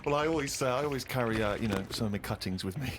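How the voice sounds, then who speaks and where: A man, co-hosting a comedy chat show and telling an animated story, acting out other people's lines as he goes. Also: medium pitch, racing. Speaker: co-host.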